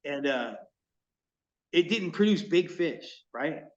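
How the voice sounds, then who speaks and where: Recorded from well away from the mic, with a muffled sound, this Californian who makes fishing lures speaks slowly in a slightly high voice. As a podcast guest in a relaxed conversation, he tells lively stories and performs the back-and-forth dialogue.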